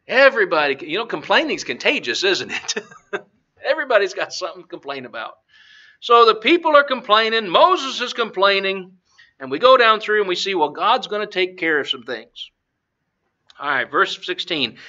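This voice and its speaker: A man's voice: high voice, sing-song, moderate pace, pushed and bright. A male preacher giving a chatty Bible lesson, asking the audience questions and chuckling. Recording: dull lo-fi recording.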